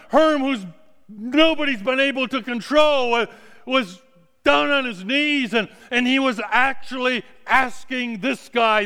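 A man preaches through a first-person story, stumbling and repeating words as he goes. His voice sits very high and bright, and his delivery is slow and unhurried. A long reverb trails behind every phrase. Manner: halting, repeats words as he retells.

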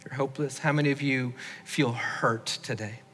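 A male pastor speaks to his congregation in a clear, bright voice and keeps asking who will raise a hand. His tone is earnest and direct. The sound rings out with the long reverb of a large church hall. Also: medium pitch, steady tone, normal speed, a little hiss or hum. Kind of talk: sermon. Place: church sanctuary.

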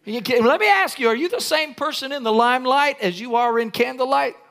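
An older man preaching a sermon, his voice pitched very high for a man. His tone is bright and forceful, and he leans into emphatic, shouted lines. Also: brisk, creaky. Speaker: pastor.

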